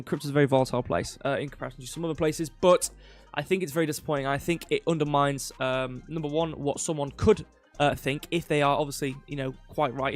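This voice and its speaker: A young man hosting a casual crypto livestream, rambling with lots of fillers and offhand jokes. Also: medium pitch. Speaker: crypto news host.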